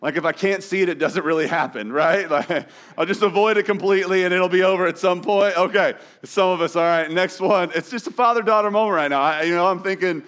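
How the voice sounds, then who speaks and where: A man's voice: sits high, a little fast, fairly bright tone, clean tone. A man preaching a sermon in a conversational, self-deprecating way, often restarting his sentences. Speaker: pastor. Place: church auditorium.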